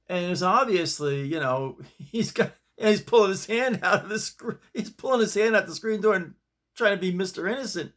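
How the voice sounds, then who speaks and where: Shaken up, the host of his own video show tells a story from his bedroom, rambling casually and restarting many times. His high voice is animated, brisk and fairly bright.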